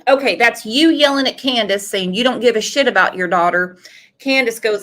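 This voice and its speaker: A woman's voice: fairly high pitch, moderate pace, fairly bright tone. A woman hosting a true crime commentary show, opinionated and full of rhetorical questions. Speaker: host.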